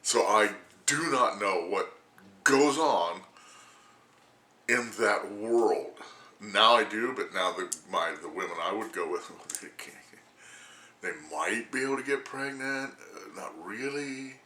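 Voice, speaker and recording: A man's voice: fairly low pitch, animated, slow pace, sharp tone, roomy sound. Rambling, laughing man in his sixties. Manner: rambling, crude, laughs often. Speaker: vlogger. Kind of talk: casual rant to camera.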